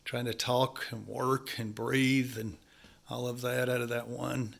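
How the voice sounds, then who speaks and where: A man's voice: mid-range voice, flat delivery, a little slow, gravelly, fairly bright tone. A man with a stuffy, congested nose, talking casually to viewers in a folksy, rambling way while working on a house. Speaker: home-building vlogger. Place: house under construction, indoors.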